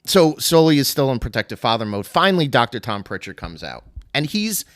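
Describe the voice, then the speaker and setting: A man's voice: mid-range voice, very animated, a little fast, fairly bright tone, no room sound, studio quality. A man hosting a podcast, casually retelling a story in a rambling way full of fillers and laughs. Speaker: podcast host.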